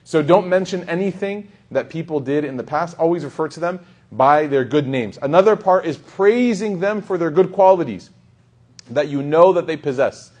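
A man's voice: a little high, expressive, moderate pace, a little mellow. Guy preaching to a crowd, chatty, keeps saying right, repeats stuff for emphasis. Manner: conversational, repeats phrases for emphasis, asks "right?" often; quotes Arabic scripture. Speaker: Islamic preacher. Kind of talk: casual sermon to a live audience.

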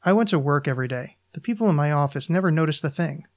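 A man reads his own short story aloud on his podcast, with slow, deliberate phrasing. His delivery is dry and deadpan, and his voice sits slightly above the usual male range. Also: on the high side.

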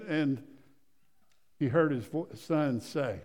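A man preaching a sermon, swinging from loud emphasis to hushed storytelling, often repeating phrases and restarting sentences. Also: on the high side, slow. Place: church sanctuary. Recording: long reverb of a church hall.

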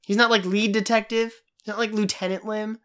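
A woman co-hosts a relaxed film chat in an animated way. She acts out lines from scenes and laughs as she goes. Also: medium pitch, brisk. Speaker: podcast co-host. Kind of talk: casual film discussion.

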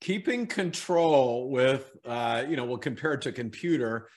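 A middle-aged man, a guest in an interview, telling an animated story and acting out the people in it. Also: mid-range voice, moderate pace.

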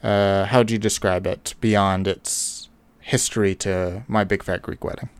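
A man's voice: low-pitched, steady tone, a little slow, clear, resonant tone. A man co-hosting a podcast, giving a playful, upbeat intro and chatting casually. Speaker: podcast co-host.

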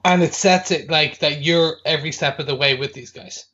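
Podcast co-host from the UK: fairly high, eager voice, muffled lo-fi audio. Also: male voice, normal speed, bright, forceful tone. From United Kingdom. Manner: enthusiastic, acts out reactions. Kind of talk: casual film review chat.

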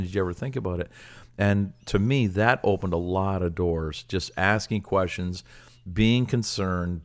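A man who is a pastor, speaking earnestly and casually in a ministry discussion, with many fillers. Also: sits low.

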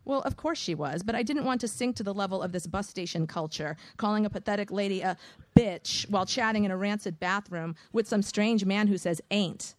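Woman audiobook narrator, wry and measured, mid-pitched voice, dry close sound. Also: no echo. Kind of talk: first-person audiobook narration.

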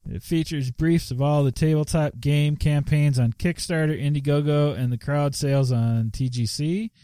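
A man's voice: medium pitch, warm tone, clean tone, no room sound, studio quality. Casual rambling podcast host, man. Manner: rambling with many fillers and laughs. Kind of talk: casual live show chat.

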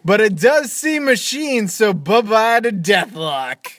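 A man's voice: high-pitched, animated, slow, noisy background. A man co-hosting a podcast, bantering playfully in casual chat. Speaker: podcast co-host.

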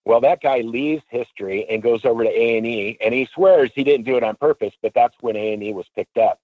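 A man, an auctioneer, telling a long anecdote in a radio interview, casual and animated, and he acts out what people said. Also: medium pitch, brisk, no room sound, narrow, tinny audio. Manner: animated storyteller, acts out quotes; casual, swears freely. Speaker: auctioneer guest. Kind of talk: storytelling interview.

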